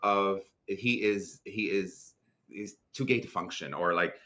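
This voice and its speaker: A young adult Lebanese man with a Lebanese accent appears as an interview guest, talking in an animated, casual way with lots of restarts and fillers. His voice sits low and his delivery is a little slow.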